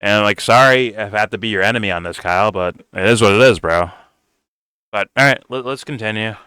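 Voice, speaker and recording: Lowish voiced guy ranting hard, tense and punchy, swears a ton, dry close sound. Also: a little fast, pushed and bright, smooth, no echo. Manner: blunt, heated, swears constantly, says "bro". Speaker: political commentator reacting to a video. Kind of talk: profane reaction rant.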